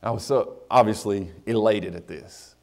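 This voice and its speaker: A man, a middle-aged pastor, preaching a sermon and telling a personal story with animated dialogue. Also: on the low side, moderate pace.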